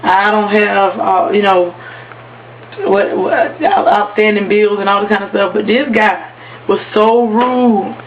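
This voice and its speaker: A woman's voice: medium pitch, a little slow. Woman vlogger telling a story, lo-fi. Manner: animated, acts out quoted voices. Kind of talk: casual storytelling to camera. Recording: dull lo-fi webcam audio with faint hiss.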